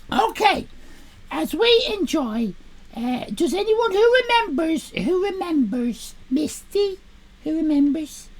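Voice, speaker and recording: Brief: a woman as a sassy Irish sixteen-year-old, crude and rambling, very high and gravelly. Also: heavily acted. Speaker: streamer. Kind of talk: live stream in character.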